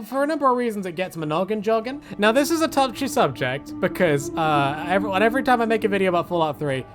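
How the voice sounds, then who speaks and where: A man giving casual, joking game commentary, chatty and swearing freely as he acts out the characters. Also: fairly high pitch. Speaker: gaming video host.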